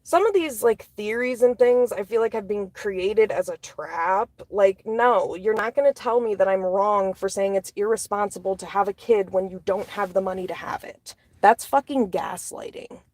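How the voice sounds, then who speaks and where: A woman's voice: medium pitch, normal speed, few pauses, a little mellow, no echo. A woman delivering an angry, profane rant as a solo commentator, blunt and heated. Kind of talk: angry ranting monologue.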